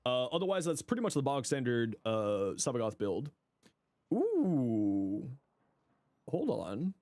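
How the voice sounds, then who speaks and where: A man's voice: medium pitch, wildly swooping pitch, takes it slowly, a little mellow, no room sound. A man giving casual livestream commentary, thinking aloud with frequent fillers while he gives friendly advice to viewers. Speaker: streamer reviewing viewers' game builds.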